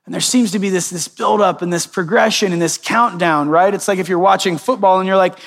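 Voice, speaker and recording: A male pastor preaching a sermon, reading scripture and retelling it in a conversational way with lively quoted voices. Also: sits high, fairly quick, vocal fry, hardly any pauses, in a large hall.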